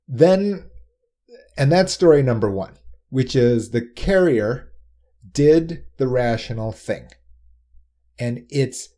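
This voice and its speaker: A man explaining insurance pricing in a quick, emphatic talk, often tossing in rhetorical "right?" asides. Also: medium pitch, warm tone.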